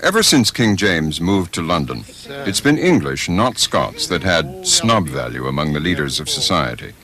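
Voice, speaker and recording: A man narrating a documentary in a measured, scripted way. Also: very deep voice, sing-song, bright, forceful tone.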